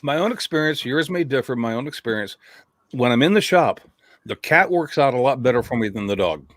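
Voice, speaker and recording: Brief: male podcast host, lively swooping delivery, close and dry. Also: mid-range voice, fairly quick, dry recording. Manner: animated storyteller, cussing, joking. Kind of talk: casual chat. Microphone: remote call mic.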